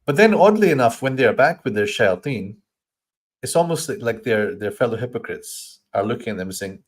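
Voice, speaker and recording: A man teaching a Quran study session, explaining verses with thoughtful pauses and reciting Arabic lines quickly. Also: mid-range voice, very animated. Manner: thoughtful, stops to search for words, acts out voices in quoted lines.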